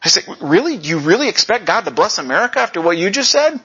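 A male pastor preaching a conversational sermon, often saying "you know" and jumping up in pitch for emphasis. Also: big pitch swings, fast, pushed and bright, breathy edge. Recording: lo-fi dull sound.

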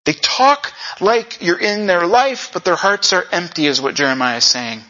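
A male pastor preaching a conversational sermon, often saying "you know" and jumping up in pitch for emphasis. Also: lively intonation, normal speed, pushed and bright. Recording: lo-fi dull sound.

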